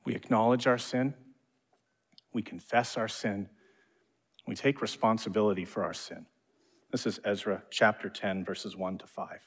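A male pastor giving a sermon, swinging between quiet hushed passages and loud, rising climaxes. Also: on the low side, fairly even intonation, normal speed, pauses often, slightly rough. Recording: long reverb of a large hall.

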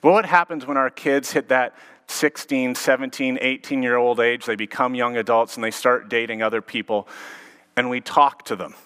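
A man's voice: mid-range voice, fairly even intonation, normal speed, a bit bright, clear, resonant tone. A man in his thirties, a pastor giving a sermon, telling stories and acting out quotes. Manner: storytelling with acted-out quotes. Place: church sanctuary. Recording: long reverb of a large hall.

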